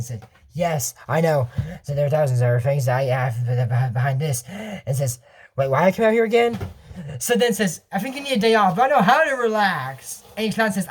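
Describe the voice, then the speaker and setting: A young man casually recapping a cartoon episode, rambling with restarts and laughing at his own jokes. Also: high voice.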